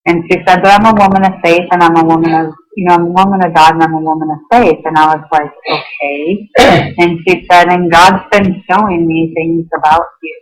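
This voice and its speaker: A woman's voice: fairly low pitch, steady tone, fast, hardly any pauses, low-quality recording. Woman, radio show guest, earnest personal story, acts out quotes, lots of you-knows and ums. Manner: earnest, quotes herself and others, many fillers like "you know" and "um". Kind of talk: personal story told in an interview.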